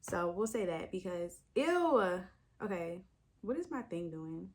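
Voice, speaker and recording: A woman's voice: fairly low pitch, normal speed, darkish tone, a little hiss or hum. A young woman, talking casually to the camera as a book vlogger, thinking aloud with sudden exclamations. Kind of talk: casual chat.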